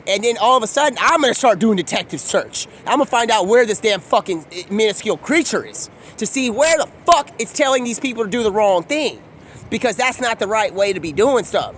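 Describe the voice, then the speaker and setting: A man's voice: high-pitched, animated, fairly quick, a bit bright, slight background noise. A man talking in a casual, rambling monologue, free-associating from one thing to the next in slangy speech. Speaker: video creator.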